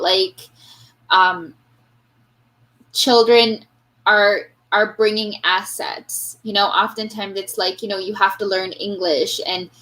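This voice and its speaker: A woman's voice: medium pitch, sharp tone, low-quality recording. Earnest Canadian-accented woman teacher. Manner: earnest, thoughtful, many fillers and restarts. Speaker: guest, elementary teacher. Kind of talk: reflective interview talk.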